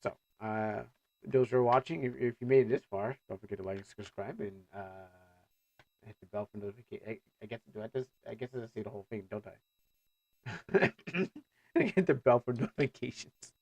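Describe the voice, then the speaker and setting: A man's voice: medium pitch, a little fast, darkish tone, dull audio. A man streaming casually, reacting to game trailers as he talks, rambling and stammering with joking asides.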